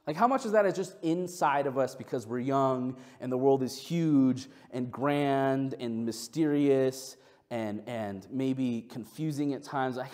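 A man who is a pastor, preaching a sermon and telling a family story with lively acted-out dialogue. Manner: storytelling, acts out family dialogue with big pitch jumps.

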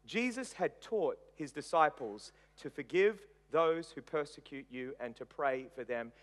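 A man preaching a sermon as pastor. He retells dramatically, swinging between loud emphasis and hushed softness. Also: a little high, lively intonation, measured pace.

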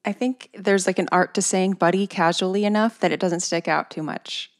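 A woman's voice: fairly low pitch, steady tone, normal speed. A woman hosting a podcast, chatting in a thoughtful, casual way with many fillers. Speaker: podcast host. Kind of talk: casual chat.

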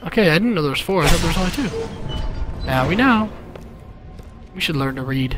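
Excitable let's play commentator. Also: medium pitch, moderate pace, over music. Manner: excitable, laughing, yelling at enemies. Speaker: game player. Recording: gameplay audio behind.

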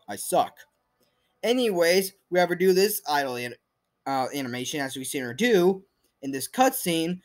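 Rambling, lively young man over soft music. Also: high-pitched. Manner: rambling, self-deprecating, many fillers and restarts. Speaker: video creator presenting fan movesets. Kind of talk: casual voice-over commentary. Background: faint background music.

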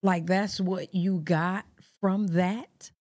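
Slow-talking woman giving blunt reaction commentary. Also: lowish voice, fairly even intonation, a little mellow. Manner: blunt, profane, laughing asides. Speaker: reaction channel host.

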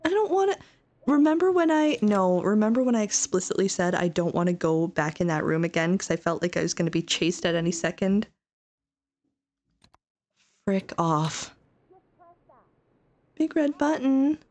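A woman's voice: on the low side, animated, normal speed, pauses often, darkish tone. A woman streaming a horror game live, frightened, pleading and repeating herself with bursts of nervous laughter. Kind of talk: live gameplay commentary.

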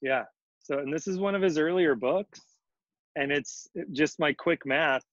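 Brief: chatty male co-host, fairly high voice, dry and slightly dull recording. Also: unhurried, fairly bright tone, no room sound. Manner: easygoing, chatty. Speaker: co-host reading to children. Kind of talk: storybook read-aloud and chat.

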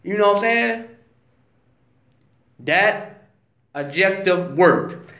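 Slow, animated man preaching casually. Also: high-pitched. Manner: slow, emphatic, conversational, says "you know what I'm saying". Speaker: vlogger. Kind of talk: casual religious talk. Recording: roomy echo.

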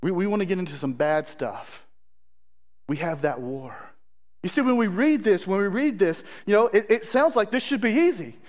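A man's voice: high-pitched, expressive, moderate pace, a little mellow. A man, a pastor, preaching a sermon, reading scripture aloud with asides and praying earnestly.

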